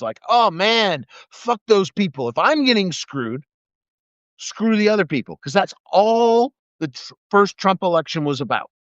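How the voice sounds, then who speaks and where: A former military investigator turned live video streamer, this middle-aged man has a high-sitting voice as he unleashes an angry, profane, sarcastic political rant. The recording is dry and slightly muffled, captured on a phone or webcam mic.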